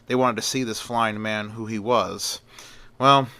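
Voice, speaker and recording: A man's voice: lowish voice, steady tone, unhurried, bright, forceful tone, clean tone. A man narrating a homemade story in a casual, rambling way, full of fillers and restarts.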